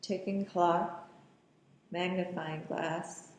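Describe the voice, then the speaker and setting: A woman's voice: lowish voice, steady tone, drawn-out words, darkish tone, echoey room. A woman giving a casual running commentary on a film, describing scenes and throwing in wry, sarcastic asides.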